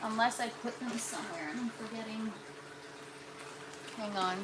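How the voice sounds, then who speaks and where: A woman in her 30s runs a casual gardening livestream from her indoor grow tent, chatting with viewers and reading their comments aloud as she works. Her voice is on the high side with fairly even intonation and normal speed, over a noisy background.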